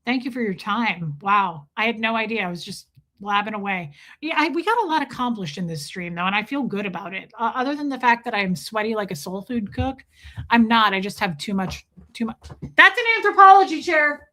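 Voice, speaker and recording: A woman hosting a livestream in casual chat, playful and loud, her voice going a little hoarse. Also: mid-range voice, animated, a little fast. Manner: playful, sings along loudly between chatter. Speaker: livestream host.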